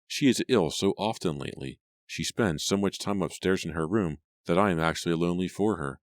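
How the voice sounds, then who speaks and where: A man voicing a kind, polite teenage daughter in a storybook reading, with a gentle manner. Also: deep voice, fairly quick, dry recording, close to an everyday voice.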